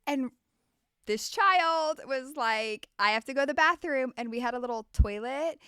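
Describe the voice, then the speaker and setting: A woman co-hosting a casual podcast, telling an animated story and acting out the quotes. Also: sits high, normal speed, smooth, no room sound, clean studio sound. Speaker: podcast co-host. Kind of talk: casual chat.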